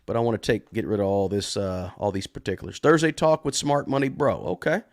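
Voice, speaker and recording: A man's voice: on the low side, a little fast. A man in his fifties hosting a live Q&A stream, chatty and informal, often addressing viewers as guys. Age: 50s. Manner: chatty, calls audience "guys", greets viewers. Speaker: livestream host. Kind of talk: live Q&A chat.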